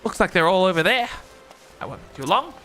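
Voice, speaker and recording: An Australian man streams a game with a high, very animated voice, talking quickly in a bright, forceful tone. He's chatty and giggly, rambling casually as he plays over game music.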